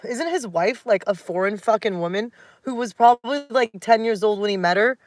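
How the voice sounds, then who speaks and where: A slightly high, fairly quick voice comes from a woman in her thirties ranting casually on a livestream at home late at night. She's blunt and heated with lots of profanity, and she coos baby talk to her dog.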